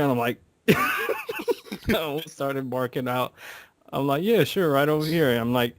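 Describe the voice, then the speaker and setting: A man on a podcast telling stories in a casual, animated way, acting out quotes and swearing freely. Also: mid-range voice, unhurried, no room sound. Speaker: podcast co-host. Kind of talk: casual chat.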